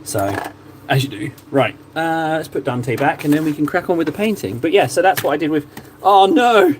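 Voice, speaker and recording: A man's voice: a little high, fairly quick, background noise. A young man chatting casually while painting miniatures, rambling and laughing at himself, in a small cupboard room.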